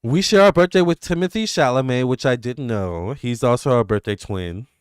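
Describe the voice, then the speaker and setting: A man, hosting live tarot readings and chatting excitedly with viewers. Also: medium pitch, clean tone, dry recording, clean studio sound. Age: 30s. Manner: excitable and gushing, quick swings between squeals and murmurs. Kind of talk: casual livestream chat with viewers.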